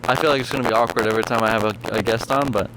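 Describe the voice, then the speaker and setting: A man's voice: mid-range voice, fairly even intonation, racing, noisy background. Laid-back young male podcast host. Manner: laid-back, short back-channel replies. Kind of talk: casual chat.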